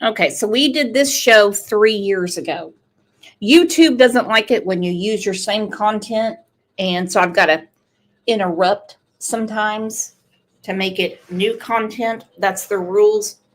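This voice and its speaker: A woman hosting a true crime channel, talking earnestly and directly to her viewers in casual commentary. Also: mid-range voice. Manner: slow, earnest, talks straight to viewers.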